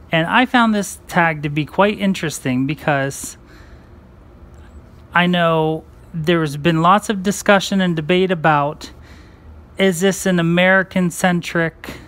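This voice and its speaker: A chatty cross-stitch vlogger who talks at an unhurried, slow pace. The voice sits in a middle pitch and wanders from thought to thought in a casual, rambling way while stitching. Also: fairly bright tone.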